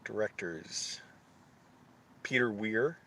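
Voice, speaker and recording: A man streaming live, thinking aloud in casual chat, halting often as he searches for names. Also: fairly low pitch, expressive, bright, forceful tone.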